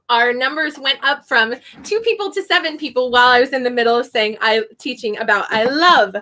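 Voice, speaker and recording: A woman in her thirties teaching a live online Spanish lesson, animated and laughing often as she slowly demonstrates sounds. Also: a little high.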